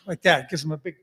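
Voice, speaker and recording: Chatty older man telling jokes. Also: a little high. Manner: chatty, joke-telling with folksy asides. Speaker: musician and host of an online living room concert. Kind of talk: casual banter and jokes between songs. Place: his home living room. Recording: long reverb with banjo music behind.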